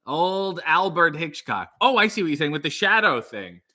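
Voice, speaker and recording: Upbeat male streamer, slightly raised pitch, reacting to chat with playful energy. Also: moderate pace. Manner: animated, jokey, reads comments aloud in a bright upbeat voice. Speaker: streamer reading live chat. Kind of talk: casual live-stream chat.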